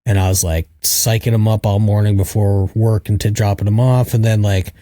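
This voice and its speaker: Thirties male co-host, warm low register, loose chatty storyteller full of "like"s, dry recording. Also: fairly even intonation, brisk, dry recording. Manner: rambling, filler-heavy with lots of "like". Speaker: podcast co-host. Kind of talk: casual storytelling chat.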